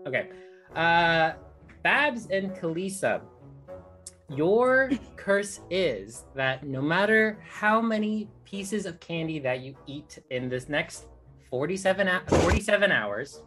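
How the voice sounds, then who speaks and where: A woman's voice: lowish voice, expressive, slow pace, fairly bright tone, soft background music. A woman running a tabletop game as dungeon master, explaining rules with many fillers and restarts.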